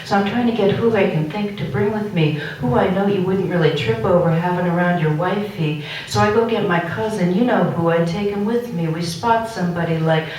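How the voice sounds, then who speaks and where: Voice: mid-range voice, brisk, few pauses, darkish tone, a little hiss or hum. Poet for a live gallery reading of found transcript text; recited, performance-style delivery, captured from a distance with strong room echo. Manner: recites found speech and court record text aloud. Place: art gallery, indoors. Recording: very echoey room recorded from far off.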